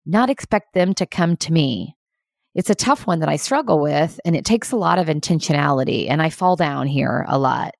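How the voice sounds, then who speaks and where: A woman's voice: fairly low pitch, no echo, clean studio sound. A woman giving an earnest, emphatic motivational talk to leaders. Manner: earnest, fast-paced and emphatic.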